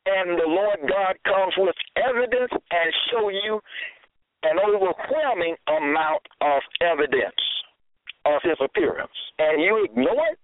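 A man delivers a sermon in an unhurried, deliberate way, pressing and scolding his listeners and returning to the same phrases again and again. His fairly high voice rises and falls with real animation. It comes through a narrow, phone-like line with a dry, close sound. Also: lively intonation. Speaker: preacher.

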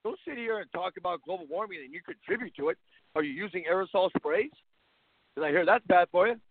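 A man's voice: sits high, lively intonation, quick pace, dry recording. A man hosting a sports talk show, delivering a blunt, mocking, opinionated monologue. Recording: tinny phone-line sound.

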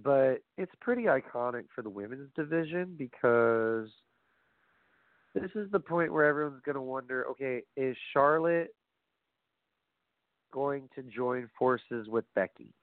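A man ranting casually about wrestling, profane and animated, addressing his audience directly. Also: medium pitch, a little slow, no echo. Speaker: wrestling commentary host. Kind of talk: casual opinionated wrestling talk. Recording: phone-like lo-fi audio, dry.

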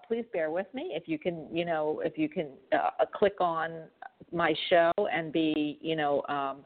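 Rambly lady hosting a call-in psychic show, lowish voice, tinny phone sound. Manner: rambling, restarts often, chatty. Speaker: radio show host and psychic reader. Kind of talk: casual call-in chat.

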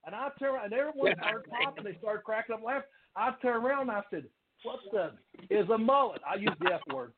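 A man telling animated wrestling stories in casual chat, laughing often. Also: sits high, fast, crowd noise. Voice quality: country accent. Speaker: guest, former pro wrestler. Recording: phone-like line with faint noise.

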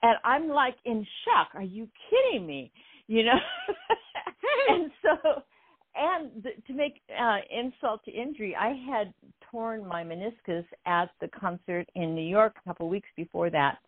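An older woman as a guest, telling a story in an animated way, often laughing, heard over a phone line. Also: fairly high pitch, moderate pace, dry recording.

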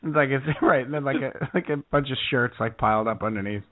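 A man's voice: mid-range voice, fast talker, no room sound. A man co-hosting a sports podcast, chatting playfully and laughing often. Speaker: podcast co-host. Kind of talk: casual chat. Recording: tinny phone-like podcast audio.

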